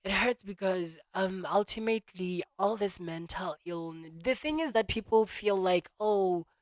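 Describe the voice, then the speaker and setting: A young man talking to camera in a casual monologue, animated, restarting and repeating himself often. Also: sits high, moderate pace, no room sound, studio quality. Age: young adult. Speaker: vlogger.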